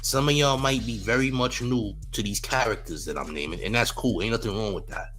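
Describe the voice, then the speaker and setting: A man hosts a commentary show, his fairly low, slightly bright voice moving at a fairly quick clip over faint background music. He reacts with disbelief, repeating phrases and laughing often between his remarks.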